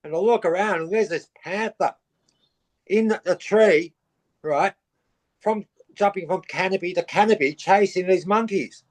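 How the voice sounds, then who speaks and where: A middle-aged Australian man with a fairly high voice, swapping surf-trip stories in a relaxed chat. He gets animated as he goes and mimics the people in his tales with quick bursts of character voices. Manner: animated, acts out quoted voices in his anecdotes. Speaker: podcast guest. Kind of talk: casual storytelling.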